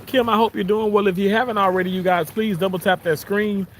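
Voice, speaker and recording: A man with a Southern American accent, chatting casually on a live stream outdoors by the water, warm and grateful as he reads out viewers' messages. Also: high-pitched, fairly even intonation, fast talker, a little hiss or hum. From Southern United States. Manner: warm, grateful, chuckles often. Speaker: live-stream host reading chat.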